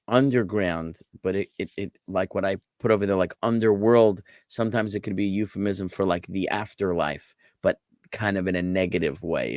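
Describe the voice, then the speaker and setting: A man, a rabbi, giving a relaxed online class on Biblical Hebrew, explaining words patiently and wandering off into asides. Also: deep voice, no room sound, clean studio sound. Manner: relaxed, explanatory, digressive with fillers.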